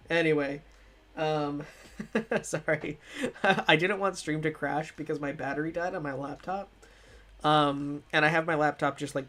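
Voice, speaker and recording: A game streamer chatting casually on a live stream, rambling and restarting often and sounding a little stuffy from a cold. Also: mid-range voice. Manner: rambling and self-correcting, with frequent restarts and laughs. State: slightly stuffy, coming down with a cold. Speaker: streamer reviewing games.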